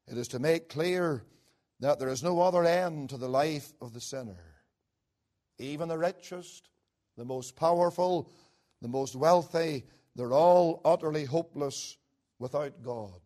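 A man with a notably high voice preaches a sermon. He climbs to loud, emphatic peaks, then sinks to low, hushed lines. He lingers slowly on key words. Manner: swings between rising emphatic peaks and low hushed drops; slow, deliberate delivery with pauses on key words.

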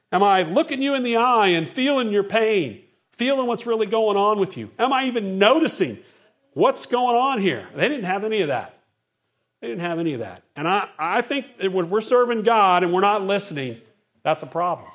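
A middle-aged man preaching a sermon, telling stories with lively acted-out quotes. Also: high-pitched. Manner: animated storytelling with acted-out quotes. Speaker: pastor.

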